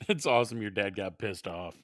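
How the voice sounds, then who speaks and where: A man's voice: fairly low pitch, animated, a little fast, no echo, studio quality. A middle-aged man and father co-hosting a casual podcast, laughing often and swearing freely. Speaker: podcast co-host. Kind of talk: casual chat.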